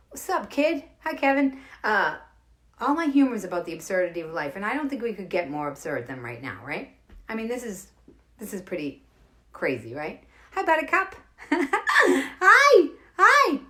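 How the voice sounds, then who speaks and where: A middle-aged woman with a Boston accent, doing casual stand-up storytelling for a home livestream, rambling and greeting viewers by name. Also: mid-range voice. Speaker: comedian hosting a livestream. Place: home during lockdown.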